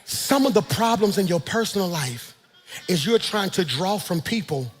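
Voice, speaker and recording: A man preaching a sermon as pastor, shouting in a sing-song cadence and dropping into hushed storytelling asides. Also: high-pitched, expressive, moderate pace. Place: large church hall. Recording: reverberant church hall.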